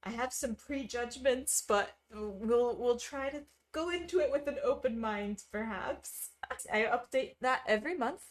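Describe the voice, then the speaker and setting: A woman's voice: a little high, unhurried. A woman streaming casually, chatting with viewers while she stitches, full of wry asides and frequent laughter.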